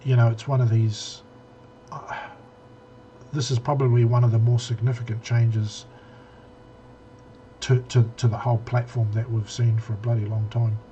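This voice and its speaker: Rambling New man, mellow voice. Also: mid-range voice, little pitch movement, moderate pace, long pauses, slight background noise. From New Zealand. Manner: rambling, many restarts and fillers. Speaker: podcast co-host. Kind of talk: casual tech chat.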